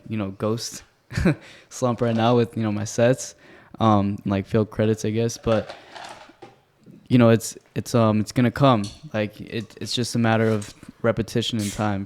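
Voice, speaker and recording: A low-voiced man speaking with a flat, even tone. He sounds relaxed and a little hesitant as he fills his sentences with "um" and "like" on a casual podcast. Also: moderate pace, slight background noise. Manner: relaxed, hesitant, many fillers. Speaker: guest salesman.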